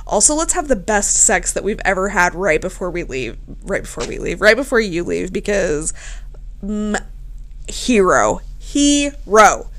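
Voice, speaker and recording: A woman hosting a casual podcast, telling a story in a profane, animated way and laughing often. She is a bit tipsy. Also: medium pitch. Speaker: podcast host.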